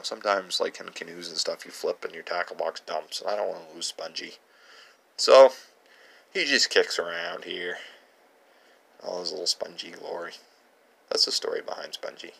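A young man with a deep, gravelly, slightly bright voice hosts his channel, giving viewers a casual tour of his home workshop. He rambles through stories and chuckles often as he goes.

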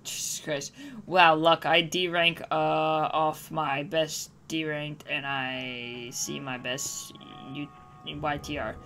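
A woman's voice: low voice, little pitch movement, slow, fairly bright tone, faint music behind. An Irish woman streaming a horror game in casual commentary, jumpy and swearing when startled. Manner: jumpy, swears and yelps at scares.

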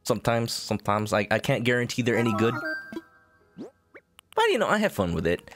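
Lively-voiced male game streamer. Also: medium pitch, normal speed, music in the background. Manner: chatty, jokey, talks to chat. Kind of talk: casual live-stream chat.

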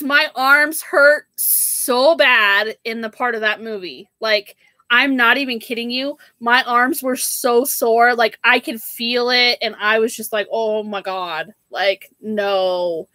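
Chatty young female livestream host, unhurried delivery, slightly high voice. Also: bright, forceful tone, no echo, clean studio sound. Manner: chatty, says "like" and "girl" a lot. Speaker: live sale host. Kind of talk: casual livestream chat.

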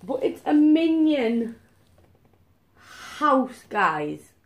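A young woman chats excitedly to her viewers as she unboxes gifts. Her voice sits high and swoops up and down a great deal. She takes her time between phrases. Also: very slow. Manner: gushing, excitable, talks to viewers. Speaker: vlogger. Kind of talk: casual unboxing vlog.

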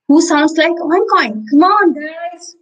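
A woman with an Indian English accent teaching preschoolers in an online class, telling a story slowly and repeating words for small children. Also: extremely high pitch, a bit bright, lo-fi sound. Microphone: video call.

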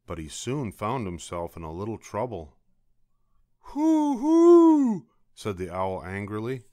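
An older man reading a children's picture book aloud as a bedtime story, slow and expressive. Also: low-pitched, no room sound, studio quality.

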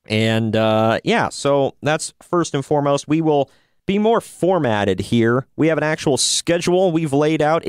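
A male podcast host talks in an upbeat, chatty way and throws in a playful drawn-out "bro" now and then. His voice sounds smooth and clear, and the recording is dry and close. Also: mid-range voice, no echo. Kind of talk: casual podcast chat.

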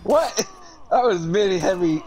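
A man's voice: medium pitch, expressive, normal speed, a little mellow, slight background noise, low-quality recording. A young man in casual gaming chat, joking and teasing his opponent with sarcastic banter and the odd curse. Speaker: gamer.

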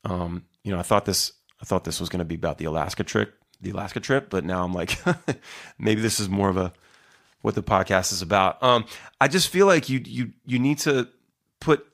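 A middle-aged musician with a low-pitched, somewhat bright voice talks fairly quickly in a casual solo podcast monologue. It rambles and turns profane, and he keeps using fillers and restarting sentences.

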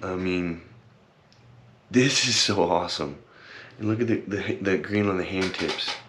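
A man's voice: low-pitched, a little slow, background noise. A young man talking casually to his camera, rambling and earnest, with many fillers and repeated thanks, and teary at times. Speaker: vlogger. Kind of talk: casual heartfelt vlog talk.

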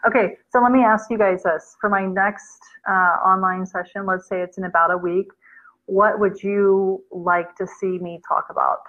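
A woman's voice: mid-range voice, steady tone, moderate pace, a bit bright. A woman hosting a casual live chat, reading out viewer comments and mixing in Urdu words as she answers. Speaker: livestream host answering viewer questions. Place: Islamabad. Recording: dull lo-fi sound.

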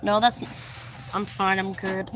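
A woman's voice: mid-range voice, level tone, unhurried, over music. A woman vlogging as she shops in a store, rambling and giggling to herself. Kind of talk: casual chat while shopping. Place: inside a busy store. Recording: noisy store background.

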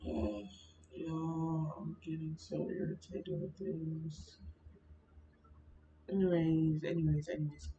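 A woman's voice: on the low side, unhurried, long pauses, mellow. Chatty young woman vlogging, roomy lo-fi sound. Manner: chatty, complaining, keeps addressing viewers as y'all. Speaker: Sims content creator. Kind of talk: casual screen-recorded gaming vlog. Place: indoors at a computer. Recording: roomy, dull built-in mic with faint fan noise.

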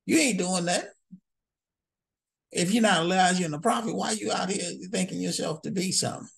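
This is a scoffing, indignant male challenger, put on by a man, pitched sharply high and jeering. The voice keeps a gravelly, husky grain throughout, with a mocking, incredulous bite. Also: wildly swooping pitch, normal speed, mellow, heavily acted.

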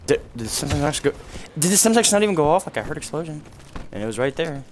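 Lively young man trash-talking over gunfire. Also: on the high side, fast. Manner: animated, trash-talking, sudden shouts at opponents. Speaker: gaming commentator. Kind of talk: live gameplay commentary. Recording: game gunfire noise behind the voice. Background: in-game gunfire and explosions.

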